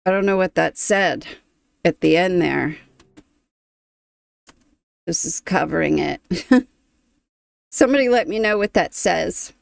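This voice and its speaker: A woman's voice: lowish voice, animated, a little slow, gravelly, long pauses, no echo, studio quality. A woman hosting a reaction video, talking casually, moved and thoughtful, often trailing off.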